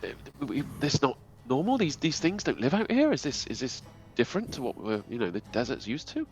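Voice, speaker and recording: A man's voice: mid-range voice, big pitch swings, fairly quick, dull audio, faint music behind. A man playing a tabletop game, talking hesitantly with many restarts and a curious tone. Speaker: player.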